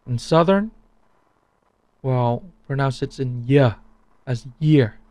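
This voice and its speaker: A man teaching a language pronunciation lesson, repeating each sound slowly so it can be compared. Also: mid-range voice, a little mellow, dry recording.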